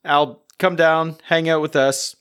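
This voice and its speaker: A man's voice: fairly high pitch, fairly even intonation, a little slow, a bit bright, smooth. A man from Canada co-hosting a podcast in casual chat, talking loosely with lots of fillers. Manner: chatty, frequent "like" fillers. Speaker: podcast co-host.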